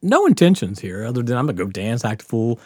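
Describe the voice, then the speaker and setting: Podcast co-host, a man in his fifties: animated, profane storyteller with a lively voice, recorded dry. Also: medium pitch, fast, husky, no room sound. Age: 50s. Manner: animated, profane, laughing through a wild story. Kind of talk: casual storytelling chat.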